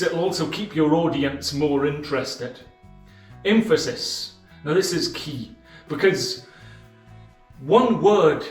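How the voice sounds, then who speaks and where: A man explaining a book's ideas as a host, speaking in a measured way with deliberate pauses and emphasis. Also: on the high side, recorded from a distance. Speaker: channel host summarizing a book. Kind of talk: explanatory book-summary monologue. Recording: roomy sound from off the mic, faint music.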